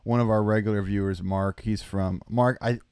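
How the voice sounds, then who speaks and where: A man hosting a casual online show, relaxed as he reads out viewer messages. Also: fairly low pitch, normal speed, clean tone, dry recording. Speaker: host. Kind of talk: casual chat.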